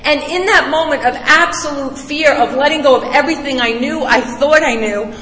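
A woman's voice: high-pitched, moderate pace, a bit bright. Blunt, emphatic woman sharing testimony. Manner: emphatic, blunt and salty, with rising bursts. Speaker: speaker sharing a recovery story. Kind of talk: recovery meeting testimony. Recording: echoey hall with long reverb.

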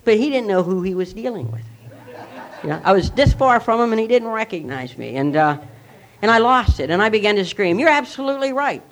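A man's voice: sits high, expressive, fairly quick, a bit bright, slight background noise. Candid man telling a self-mocking story. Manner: candid, self-mocking, rambling with many fillers and restarts. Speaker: speaker sharing a recovery story. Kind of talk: personal storytelling talk.

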